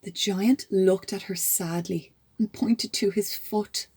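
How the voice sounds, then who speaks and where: A woman, a teacher, reading a children's storybook aloud with gasps and hushed asides. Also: mid-range voice, slow pace, husky. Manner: animated, with stage gasps and whispers.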